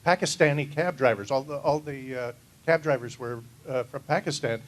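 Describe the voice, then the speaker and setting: A man on a convention panel recalling past events in a dry, deadpan, teasing way. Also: mid-range voice, moderate pace, poor audio. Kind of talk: anecdotal panel talk.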